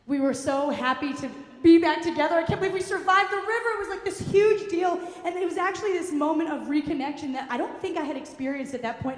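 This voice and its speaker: A woman telling a funny autobiographical story live on stage, animated and rambling, with lots of fillers. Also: sits high. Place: stage in a hall, live audience event. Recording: roomy hall reverb, faint ambience.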